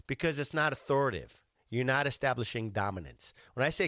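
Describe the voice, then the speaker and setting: A man's voice: medium pitch, fast, fairly bright tone, no echo, studio quality. A man hosting a podcast, commenting bluntly and profanely on video clips with an authoritative manner. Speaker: podcast host.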